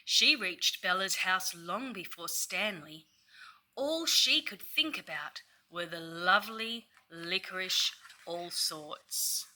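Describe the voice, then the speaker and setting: Female children's storyteller: unhurried, clear, teacherly read-aloud with interactive pauses. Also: lowish voice, lively intonation, bright, forceful tone. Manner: slow, clear and teacherly, pausing for clapping syllables and questions. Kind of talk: reading a picture book aloud to children.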